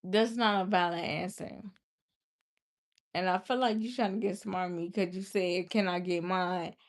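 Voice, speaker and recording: A woman's voice: mid-range voice, moderate pace. A young woman livestreaming, casually and exasperatedly scolding a viewer in the chat. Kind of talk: casual live-stream talk to chat.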